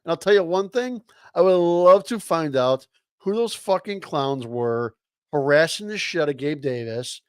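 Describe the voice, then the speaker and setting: Brief: male co-host, heated fan rant, blunt and profane, slightly high voice, dry sound. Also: expressive, normal speed, clean tone, no echo.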